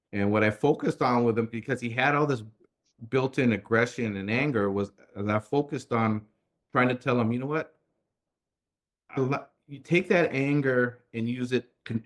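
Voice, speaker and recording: A middle-aged man, a coach and author, telling animated stories as an interview guest and acting out the dialogue he quotes. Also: lowish voice. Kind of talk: conversational storytelling interview.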